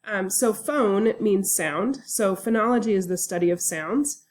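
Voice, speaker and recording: A woman university instructor giving a casual recorded online lecture, relaxed and chatty with frequent fillers. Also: medium pitch, measured pace.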